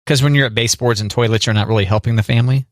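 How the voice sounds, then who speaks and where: A man's voice: mid-range voice, steady tone, racing, no echo, clean studio sound. A man co-hosting a casual chat show, jokey and teasing, often asking his co-host questions. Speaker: podcast co-host.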